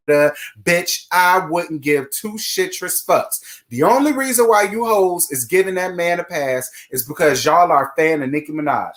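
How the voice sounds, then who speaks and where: A man's voice: a little high, normal speed, few pauses, fairly bright tone. A man hosting a casual live stream, greeting chat viewers by name and giving blunt, sassy commentary full of swearing.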